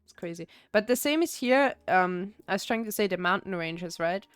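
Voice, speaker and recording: A woman's voice: medium pitch, expressive, normal speed, clear, resonant tone, no room sound, faint music behind. A young woman from Austria, chatting casually while streaming a game, rambling with many fillers and restarts. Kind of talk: casual gameplay chat.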